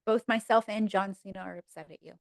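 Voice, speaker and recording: A woman on a podcast casually retelling TV episodes with lots of fillers, jumping high in pitch to act out each character's lines. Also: steady tone, fast, creaky, dry recording. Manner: frequent fillers like "um" and "like". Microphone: podcast mic.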